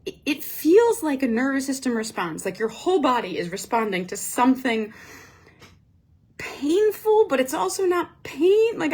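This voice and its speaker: A woman telling a casual story as a host, animated and self-mocking, with frequent fillers. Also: high voice. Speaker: Pilates instructor and podcast host.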